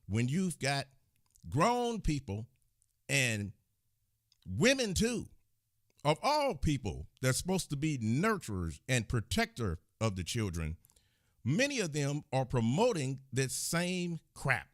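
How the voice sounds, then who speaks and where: His voice sits in the mid range but swoops wildly in pitch as he speaks slowly. He is an agitated channel host delivering an indignant rant to the camera and scolding viewers along the way. The studio-quality recording has no echo.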